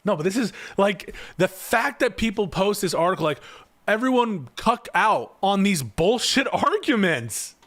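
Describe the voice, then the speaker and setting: A man's voice: high-pitched, big pitch swings, a little slow, fairly bright tone. A man doing casual live-stream commentary on politics, reading chat and ranting in a profane, exasperated way.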